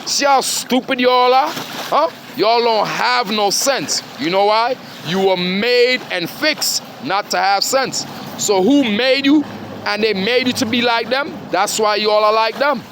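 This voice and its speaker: Man, high register, confrontational profane rambling rant, faint background noise. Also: measured pace, a bit bright. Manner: confrontational, profane, repeatedly says "dog" and "huh". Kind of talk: rambling monologue.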